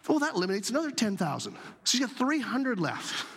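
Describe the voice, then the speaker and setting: A man gives a sermon in a relaxed, chatty manner, breaking into quoted voices as he tells the story. His voice sits a little high for a man. A long reverb trails off behind him, the sound of a large church hall. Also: fast, gravelly, husky. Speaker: pastor.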